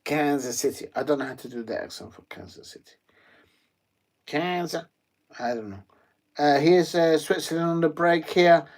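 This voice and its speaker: A man's voice: a little high, steady tone, fairly quick, darkish tone. A man hosting a live football watch-along, chatty and rambling, with lots of ums and uhs. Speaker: live stream host.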